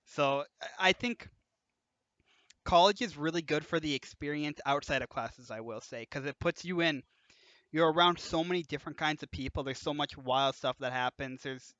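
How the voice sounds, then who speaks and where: A young man hosts a casual podcast chat, telling animated college stories and laughing through them. His voice is bright and sits a bit high. The sound is dry and slightly dull, like a cheap mic. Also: normal speed, dry recording. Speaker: podcast host.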